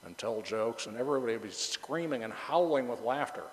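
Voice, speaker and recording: A male pastor delivers a relaxed, conversational sermon in a mid-range voice. He jokes and banters with his congregation, and the words ring out with a long reverb through the hall. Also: mid-range voice, brisk, a little hiss or hum. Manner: chatty and joking, banters with the congregation.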